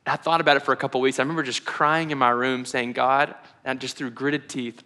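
A man's voice: medium pitch, little pitch movement, fast, few pauses, bright, forceful tone. A young man preaching a casual, candid sermon, often laughing at himself. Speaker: pastor. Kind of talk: conversational sermon.

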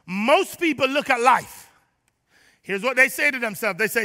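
High, bright-voiced preaching man. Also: animated, slow pace, pauses often, long reverb tail. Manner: emphatic preaching that swings from shouting to low asides; calls on the congregation to respond. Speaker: pastor. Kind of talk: sermon. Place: church sanctuary.

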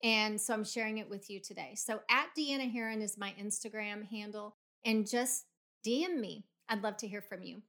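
A woman's voice: medium pitch, normal speed. A middle-aged woman hosting a motivational podcast, guiding listeners through a visualization and leading them in emphatic spoken affirmations. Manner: coaching, emphatic, builds to loud affirmations. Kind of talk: guided visualization pep talk.

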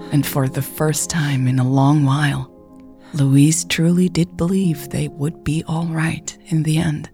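A woman narrating a romance audiobook in a soft, often whispery delivery. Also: sits low, level tone, measured pace, faint music behind. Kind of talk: scripted narration.

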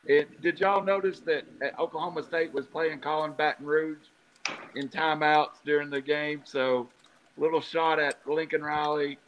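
A man hosting a casual sports talk show, leading with questions and gentle teasing. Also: fairly high pitch, fairly even intonation, measured pace, a little hiss or hum, poor audio. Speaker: host.

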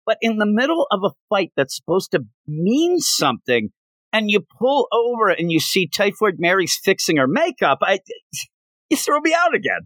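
Male podcast co-host, lively comic recap, slightly higher voice, dry close sound. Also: moderate pace, no echo. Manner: animated, acts out comic characters' lines mid-recap. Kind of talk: casual comic book review chat.

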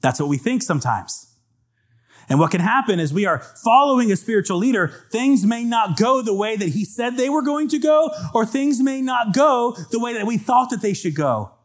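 High-voiced man preaching a sermon. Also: lively intonation, normal speed. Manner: earnest preaching, reads scripture aloud, asks congregation for amens. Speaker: pastor. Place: church with congregation.

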